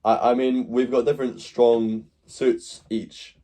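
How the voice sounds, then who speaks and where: Mellow man rambling on stream. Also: mid-range voice, flat delivery, slow pace. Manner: rambling, answers chat between points. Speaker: live stream host. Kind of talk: casual live stream chat.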